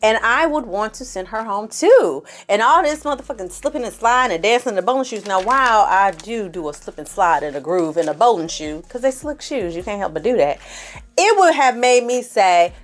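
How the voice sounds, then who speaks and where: A woman's voice: medium pitch, brisk. Sassy woman recapping reality TV. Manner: sassy and animated, acting out quotes, slangy asides. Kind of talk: casual chatty recap.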